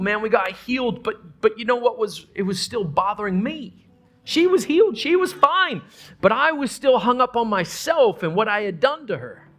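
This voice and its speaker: Male pastor, middle-aged, high voice, earnest storytelling sermon delivery. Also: fairly bright tone. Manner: earnest storytelling with many restarts and quoted dialogue.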